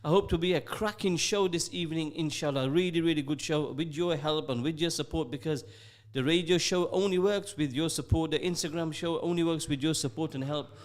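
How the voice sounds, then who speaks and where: A middle-aged radio host speaks briskly in a voice on the high side, running a live show from the studio. Chatty, upbeat, and jokey, he reads out listener messages and sprinkles in Arabic phrases.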